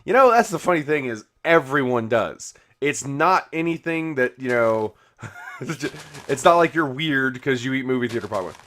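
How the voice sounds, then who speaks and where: A man talks casually as he builds in a game and answers viewer comments. His voice sits at an ordinary pitch. He rambles and restarts his sentences, filling gaps with "you know". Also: lively intonation, moderate pace, a bit bright. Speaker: YouTube game host.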